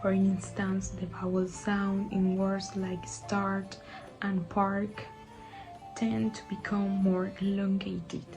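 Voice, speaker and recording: A woman reading a scripted lesson narration in a measured, explanatory way. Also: mid-range voice, flat delivery, music in the background, poor audio. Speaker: teacher.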